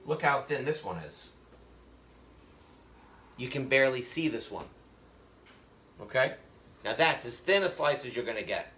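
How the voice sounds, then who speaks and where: A man's voice: mid-range voice, very animated, a little slow, long pauses, fairly bright tone. A man teaching a live online cooking class over a video call, explaining each step in a chatty, joking way with plenty of fillers. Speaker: cooking instructor. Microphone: webcam on a video call. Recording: echoey room.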